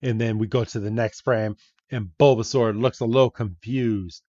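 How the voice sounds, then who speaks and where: A man's voice: on the low side, fairly even intonation, dark tone, no room sound, dull audio. A man hosting a podcast, recapping a comic aloud in a chatty way and correcting himself as he goes. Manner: slow, chatty, self-correcting. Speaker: podcast host.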